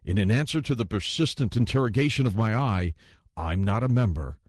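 A man's voice: fairly low pitch, lively intonation, fairly quick, darkish tone, no room sound, studio quality. A man voicing a timid, awkward young male ghost who answers apologetically in an audiobook. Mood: meek, apologetic. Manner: apologetic, hesitant, deferential. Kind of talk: audiobook character voice.

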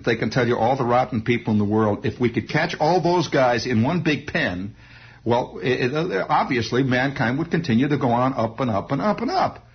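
Husky guy rambling through a comic monologue, sound effects and all, kinda lo-fi. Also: medium pitch. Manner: wry storyteller, sound effects, chuckles. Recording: dull lo-fi recording.

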